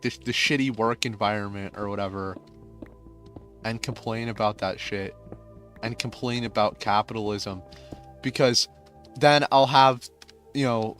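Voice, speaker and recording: A man's voice: mid-range voice, fairly bright tone. Young man, rambling, filler-heavy venting, casual gameplay chat. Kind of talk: casual venting while playing a game.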